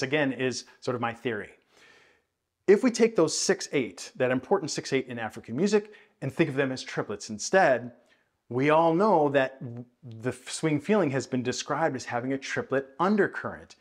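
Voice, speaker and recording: A man teaching jazz bass in a video lesson, explaining thoughtfully with many hedges and counting and scatting rhythms aloud. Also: lively intonation, normal speed. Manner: thoughtful, hedging explanations with frequent "I think".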